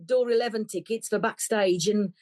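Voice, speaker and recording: A woman, a brass band member telling a story in a lively way and acting out the voices of others. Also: medium pitch, normal speed. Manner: lively, acts out quoted voices. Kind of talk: animated storytelling.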